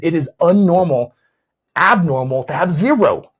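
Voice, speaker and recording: A man's voice: fairly high pitch, expressive, moderate pace, husky. A man, a chiropractor hosting a podcast, explains weight loss in a conversational way, often repeating words as he thinks and checking in with "right?".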